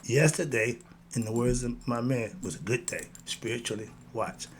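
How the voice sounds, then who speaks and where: A man's voice: medium pitch, moderate pace, a little hiss or hum. A man giving a motivational monologue about spiritual life, speaking in in a preachy, rhythmic way and repeating his catchphrases. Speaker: host.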